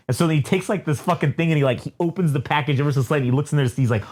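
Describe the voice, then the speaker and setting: A man's voice: fairly high pitch, rapid-fire, few pauses. A man co-hosting a podcast, telling a rambling, profane comic story and acting out the people in it. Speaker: podcast co-host. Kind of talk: casual comedic chat.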